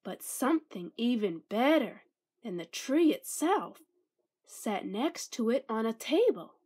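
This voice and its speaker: A woman reads a children's picture book aloud at a slow, unhurried pace. Her high voice rises and falls widely as she tells the story. She sounds lilting and expressive. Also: husky.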